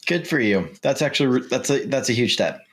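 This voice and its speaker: A man's voice: mid-range voice, expressive, brisk, fairly bright tone. A man hosting a podcast in casual chat, dry and laid-back, often answering briefly. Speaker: podcast host.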